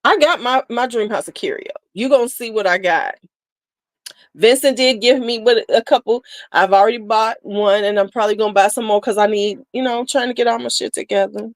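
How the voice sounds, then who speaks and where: A woman's voice: a little high, fairly quick, no echo. A woman hosting a casual beauty livestream, chatting candidly and sassily with viewers, laughing often. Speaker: beauty channel host.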